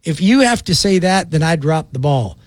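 A man giving a brash, folksy, rapid-fire sales pitch as a loan officer, acting out little phone calls. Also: animated, no room sound. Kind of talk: direct-to-camera sales pitch.

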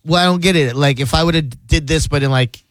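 A man's voice: a little high, a little fast, fairly bright tone, no echo. A man hosting a radio show, telling a story in casual banter and laughing often.

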